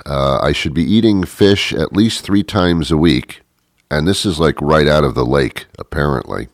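A middle-aged man with an extremely deep, low voice talks through a comic monologue in a deadpan, rambling, self-mocking way. The recording is close and dry, with no room sound at all. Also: normal speed, dry recording.

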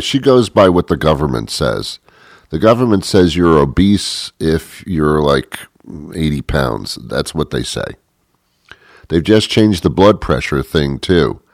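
A middle-aged man with an extremely deep, low voice delivers a comic monologue that is deadpan, rambling, and self-mocking. The recording is close and dry, without any room sound.

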